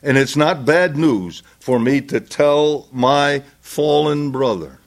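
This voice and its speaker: Slow, deliberate male preacher. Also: on the high side. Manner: slow, deliberate, rising to impassioned pleading. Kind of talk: sermon.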